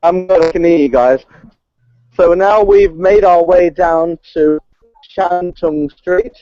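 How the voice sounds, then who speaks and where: A man's voice: sits high, takes it slowly, warm tone, no room sound, highs cut off. A man giving a live street report over a mobile stream, hesitant and full of fillers. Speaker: field reporter. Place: city street outdoors. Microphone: phone over a mobile stream.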